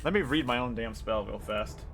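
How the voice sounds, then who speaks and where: A man's voice: medium pitch, brisk, fairly bright tone, soft background music. A man running a tabletop game as game master, narrating casually and joking at his own expense with mild swearing.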